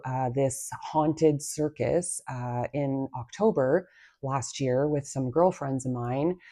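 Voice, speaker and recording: A woman tarot reader talking to her viewers from a table in her home, half-whispering and rambling with many fillers. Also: a bass voice. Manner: hushed, half-whispered talk. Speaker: tarot reader and channel host. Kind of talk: casual spoken monologue to viewers.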